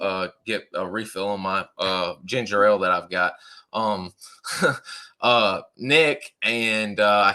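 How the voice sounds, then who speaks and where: A man's voice: lowish voice, sharp tone. A man hosting a podcast, chatting with lots of fillers. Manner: chatty, uses fillers and southern "y'all". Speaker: podcast host. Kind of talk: casual chat.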